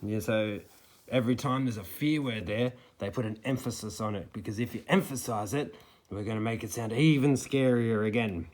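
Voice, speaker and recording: A man's voice: lowish voice, moderate pace, darkish tone. Indignant man critiquing news coverage. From Australia. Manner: indignant, with mocking quoted soundbites. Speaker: snake catcher giving commentary. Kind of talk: critical commentary to camera.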